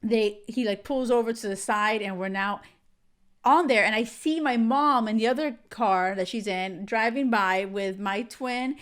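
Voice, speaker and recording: A woman in her thirties hosting a podcast, telling a story in an animated way with frequent laughter. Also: fairly high pitch, unhurried, clean tone. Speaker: podcast host. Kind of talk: casual chat.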